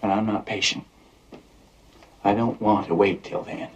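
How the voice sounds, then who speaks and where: A man's voice: on the low side, steady tone, unhurried, a little mellow, breathy edge. An actor playing a restless, dreamy young man who is bitter about his life, speaking intensely and sometimes dropping to a whisper. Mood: brooding. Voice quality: intense, brooding, drops to a whisper. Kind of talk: stage drama acting.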